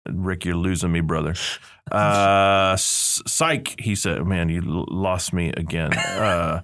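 A man's voice: low voice, unhurried, a bit bright. A man hosting a podcast in casual banter, reading out listener reviews with playful emphasis and frequent laughs. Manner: jokey, laughs often, reads quotes with mock emphasis. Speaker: podcast host, seminary professor.

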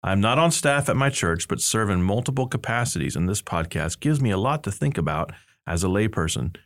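A middle-aged man with a fairly low voice hosts a faith podcast in a relaxed, joking way. His delivery swings lively up and down as he reads reviews aloud with mock emphasis. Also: fairly quick. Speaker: podcast host, seminary professor. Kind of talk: casual podcast banter, reading reviews.

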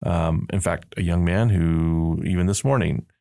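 Gravelly low-voiced middle-aged man hosting. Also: unhurried, dark tone, no echo. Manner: dry, joking banter. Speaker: podcast host, seminary professor. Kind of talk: casual chat.

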